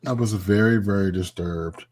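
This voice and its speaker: Loud, joking male podcast host. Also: on the low side, normal speed, a crowd in the background. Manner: loud, laughing, swears freely. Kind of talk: casual chat.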